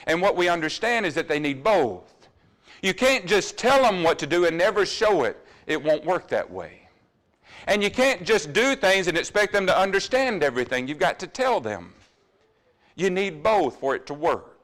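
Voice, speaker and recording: A man preaching a sermon in a church, earnestly putting question after question to the congregation and dropping to quiet asides now and then. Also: on the high side, big pitch swings, normal speed. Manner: drops to quiet asides about running over time.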